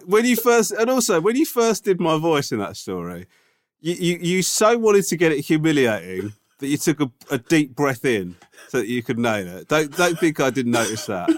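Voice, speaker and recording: A man's voice: fairly high pitch, big pitch swings, moderate pace. A man co-hosting a podcast in casual chat, dry and self-deprecating. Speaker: podcast co-host.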